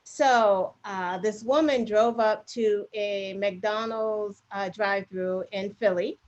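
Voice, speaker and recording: A woman co-host chatting casually, retelling a story in an animated, filler-heavy way. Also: mid-range voice, slow. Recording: muffled lo-fi audio.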